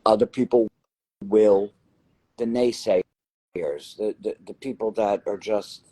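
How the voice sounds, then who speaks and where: New Jersey guy, husky, dry close sound, storytelling guest. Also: lowish voice, slow, no echo, poor audio. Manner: animated, repeats phrases for emphasis. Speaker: lottery winner guest. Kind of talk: casual interview storytelling.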